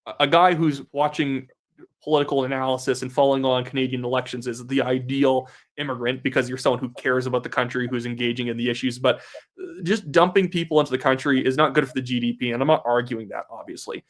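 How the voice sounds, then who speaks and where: A man's voice: medium pitch, steady tone, fast talker. A young man hosting a live election-night stream, casually reading viewer donations aloud and reacting to them. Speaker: livestream host.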